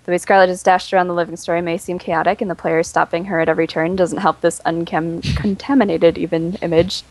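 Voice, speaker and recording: A woman guest on a gaming podcast, reading listener mail at a quick clip. Her voice sits on the low side and she sounds teasing. The delivery is casual. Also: flat delivery, darkish tone, rough recording.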